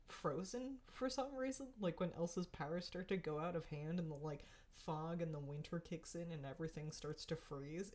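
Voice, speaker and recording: Young woman, low-ish voice, talks casually and animatedly, laughs a lot; a candid vlogger reviewing a show. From Pacific Northwest. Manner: animated, frustrated, laughs often.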